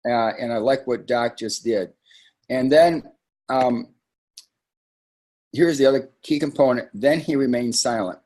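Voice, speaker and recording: A man's voice: medium pitch, measured pace, pauses often, a little mellow. A man hosting a live sales training call for his team, talking in a conversational, emphatic way with frequent asides.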